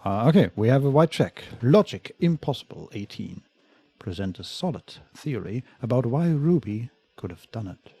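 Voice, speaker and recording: A man's voice: mid-range voice, big pitch swings, moderate pace, dark tone, slightly rough, no room sound. A man co-hosting a let's play, talking casually and methodically reading out the game's checks and bonuses. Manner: methodical, reads out game stats. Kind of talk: casual gaming chat.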